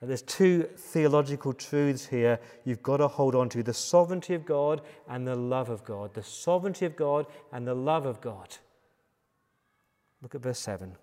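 A man's voice: medium pitch, animated, normal speed, mellow, big-room sound. A man with an English accent preaching a sermon as pastor, emphatic and building through repeated phrases. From England. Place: church.

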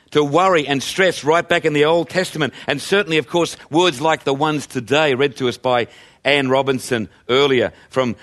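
A man's voice: medium pitch, fairly bright tone. A man preaching a sermon in a conversational way, using rhetorical questions. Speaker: pastor.

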